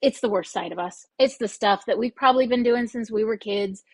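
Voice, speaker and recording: Lively woman with a high voice. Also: fairly quick, no echo. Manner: lively, casual, acts out quoted voices. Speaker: podcast guest explaining conflict styles. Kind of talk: casual interview talk.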